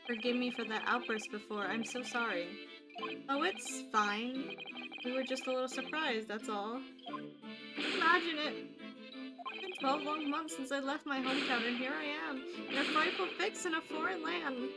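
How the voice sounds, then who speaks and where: Woman reading as an anxious imprisoned man, jittery and dramatic, high-pitched read over game music. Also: moderate pace, rough recording. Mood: sentimental. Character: nervous paranoid Japanese man imprisoned abroad.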